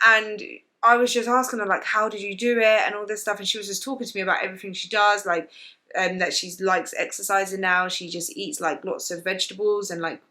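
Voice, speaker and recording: Young British woman, bright clear tone, casual confiding vlog talk, emotional, filler-heavy. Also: medium pitch, fairly even intonation, a little fast. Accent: British English. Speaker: vlogger. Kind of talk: casual storytelling to camera.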